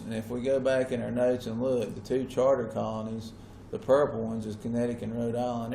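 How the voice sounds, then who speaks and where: A man's voice: mid-range voice, a little mellow, a little hiss or hum. Man teaching a class, checking in often. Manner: checks in often with students, casual Southern-style phrasing. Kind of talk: classroom lecture.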